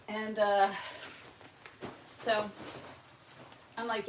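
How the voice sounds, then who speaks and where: Woman, young adult, casual livestream story, animated, swears, slightly high pitch, faint noise. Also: slow, pauses often. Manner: animated, profane, acts out quoted exchanges. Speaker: homestead channel host.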